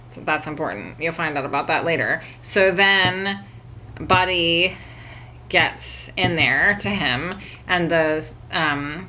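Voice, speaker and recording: A woman's voice: low voice, sharp tone, a little hiss or hum. A woman casually retelling a film from memory, rambling with frequent fillers and laughs. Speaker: vlogger.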